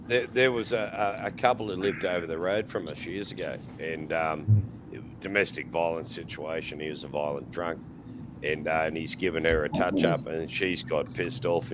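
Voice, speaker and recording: Australian man, very deep voice, crude and chatty storyteller, noisy background on the recording. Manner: profane, laughing, acts out quotes. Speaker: podcast panelist. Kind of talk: casual chat, crude storytelling.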